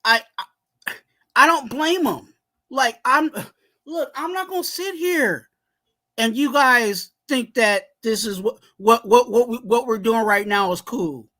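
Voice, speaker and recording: A man co-hosting a fan podcast, ranting heatedly and shouting about his team's coaching. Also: very high-pitched, takes it slowly. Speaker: podcast co-host. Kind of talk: heated sports fan rant.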